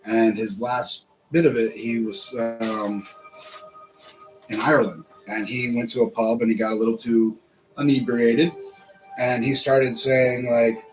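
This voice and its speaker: American man, host, rambling casual chat, mid-pitched voice. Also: level tone, measured pace, faint music behind, poor audio. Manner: rambling, chatty, laughs often.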